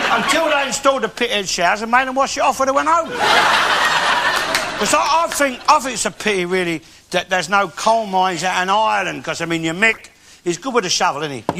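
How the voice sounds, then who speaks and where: A grumpy, bigoted old London man rants in a high, swooping voice, swearing as he goes. His cockney talk is heavy with bluster. It comes from a noisy live TV recording in a theatre. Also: creaky. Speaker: comic character in a live stage show. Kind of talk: in-character comic monologue to a live audience. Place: theatre stage before an audience. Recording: noisy live TV show with audience laughter.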